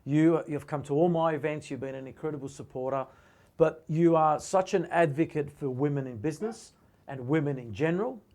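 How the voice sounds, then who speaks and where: This is a man hosting a live interview. He keeps up a steady stream of short, supportive replies. When he has the floor he sets out his plans in a loose, conversational way. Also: on the high side. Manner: encouraging, quick affirming interjections. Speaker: interview host.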